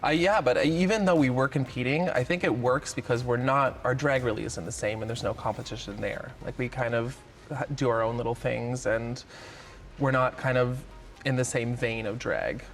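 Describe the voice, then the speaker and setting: A man's voice: mid-range voice, moderate pace, faint music behind. A man from Canada with a Canadian accent, chatting as an easygoing interview guest who laughs often. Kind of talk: casual interview chat.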